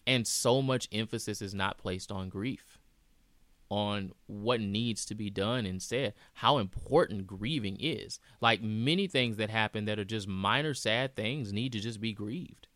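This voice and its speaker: A man hosts a reflective personal monologue in an earnest voice that sits on the low side but has a tense, bright edge. He circles back and repeats phrases for emphasis. The sound is dry, with no room around it. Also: moderate pace, dry recording.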